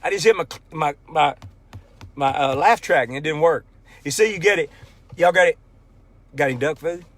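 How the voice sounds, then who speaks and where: A man's voice: fairly high pitch, moderate pace, long pauses. A man chatting casually on a livestream from his pickup at a ranch, rambling and telling jokes. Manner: folksy, rambling joke-teller. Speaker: country singer hosting a livestream. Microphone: phone livestream.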